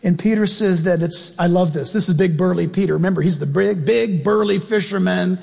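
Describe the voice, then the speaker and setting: Husky high-voiced preacher in echoey hall. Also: male voice, fairly quick. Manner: animated, acts out quotes, questions the audience. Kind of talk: sermon.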